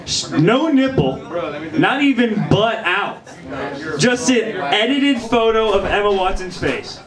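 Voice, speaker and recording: A young man performs a rambling, self-deprecating stand-up set for a live crowd in a small bar. His voice is high and animated, delivered slowly, and the recording has an echoey room sound with crowd noise.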